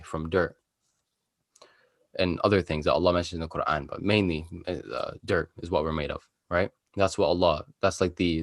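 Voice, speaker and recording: Young male podcast co-host, deep voice, casual explainer, dry sound. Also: no echo. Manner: conversational explaining with fillers, laughs easily.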